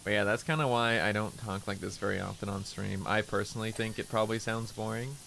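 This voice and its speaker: A man casually chatting on a game stream, speaking in a relaxed, low-key and unexpressive way, deliberately keeping his voice in a lower register. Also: vocal fry, slight background noise. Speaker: livestreamer.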